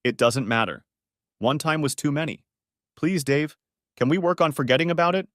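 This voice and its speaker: A man's voice: a little high, moderate pace, fairly bright tone, dry recording, clean studio sound, voice pushed up, lightly acted. A man voicing a sobbing, pleading wife. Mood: begging. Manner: pleading, tearful. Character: desperate sobbing wife caught cheating.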